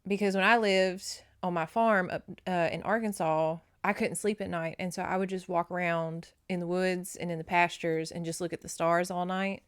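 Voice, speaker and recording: A woman's voice: fairly low pitch, steady tone, moderate pace, few pauses, clean tone. A woman from North Louisiana with a Southern accent, chatting through a book recap as a podcast host, full of tangents and emotional asides.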